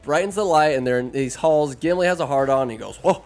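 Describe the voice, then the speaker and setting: A man's voice: on the high side, quick pace, soft background music. A man hosting a podcast, giving a rambling, crude and sarcastic comedic movie recap. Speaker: podcast host.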